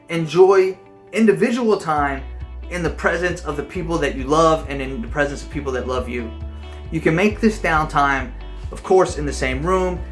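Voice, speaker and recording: A father giving earnest, rambling advice in a casual vlog, and he is losing his voice. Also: fairly high pitch. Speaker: vlogger.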